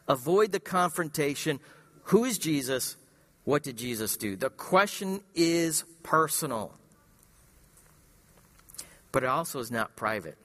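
A male pastor preaching a sermon, emphatic, firing rhetorical questions and swinging between loud and hushed delivery. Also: on the high side, in a large hall.

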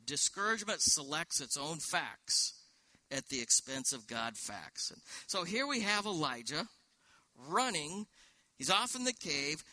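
A man delivers a sermon with a very bright, forceful voice, pitched a little higher than most men. He works through scripture with rhetorical questions and quoted verses. The sound is dry and close. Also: no echo. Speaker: pastor.

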